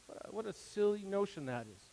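A pastor with a high, gravelly, darkish voice preaches quickly and with animation from the pulpit. He is earnest and conversational, his emphasis climbing as he drops in asides. Long hall reverb fills the church sanctuary around him.

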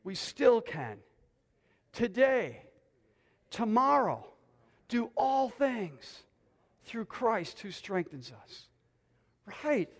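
Man, preacher, very high voice, gravelly, excited near-yelling sermon, long church reverb. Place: church sanctuary with congregation.

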